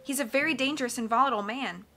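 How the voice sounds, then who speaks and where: A woman reads a cautious boy in an audiobook who talks in an urgent, earnest way. The voice stays bright, in her own register. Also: sits high, rapid-fire, soft background music.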